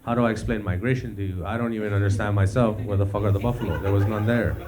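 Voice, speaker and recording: Pleading caveman, comic voicing him, low, noisy room. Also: fairly even intonation, fast, close to an everyday voice. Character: anxious caveman hunter, pleading.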